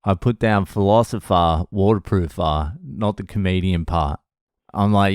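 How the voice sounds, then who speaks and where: A man's voice: sits low, moderate pace, smooth, dry recording, clean studio sound. A man, a comedian, telling a story in a casual vlog with a sardonic, profane manner.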